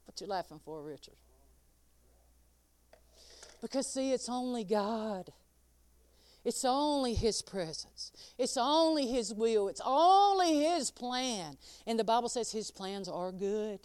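A woman preaches a sermon in a high, smooth, clear voice. She talks in a folksy way, laughing often and calling on listeners by name. The sound is dry and close. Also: animated, slow, a little mellow, no echo.

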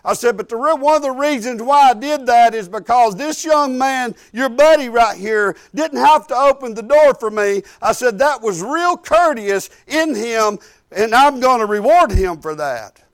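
A man's voice: very high voice, lively intonation, normal speed. A man, preaching in a folksy, rambling storytelling way and repeating "I said" as he goes. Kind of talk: sermon storytelling.

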